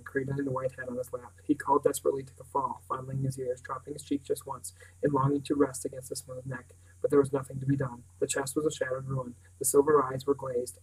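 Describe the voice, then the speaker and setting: A man's voice: medium pitch, husky, rough recording. A man reading a novel aloud as narrator, now and then stumbling and restarting words. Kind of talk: audiobook reading.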